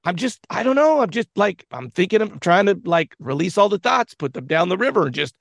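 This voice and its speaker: Sarcastic male podcast co-host, high, gravelly and lively, dry sound. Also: brisk, no room sound. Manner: sarcastic, animated. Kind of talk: casual podcast chat.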